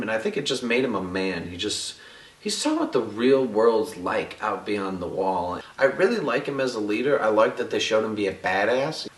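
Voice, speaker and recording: Animated male reviewer, echoey room. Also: on the low side, distant mic. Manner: animated, jokey and loose, with crude asides. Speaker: TV episode reviewer. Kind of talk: casual video review. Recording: echoey room, voice a bit off-mic.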